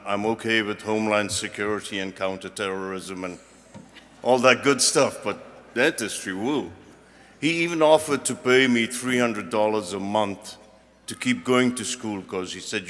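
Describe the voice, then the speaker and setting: A man's voice: fairly low pitch, fairly bright tone, slight background noise. A man, a university regent, giving a rambling, joking commencement speech from a podium. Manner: joking, rambling and self-deprecating. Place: large ceremony hall. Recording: long hall reverb.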